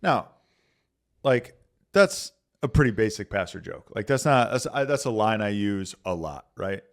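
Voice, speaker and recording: A man's voice: on the low side, animated, unhurried. A man, a pastor, talking casually and earnestly on a podcast, telling stories with many filler words.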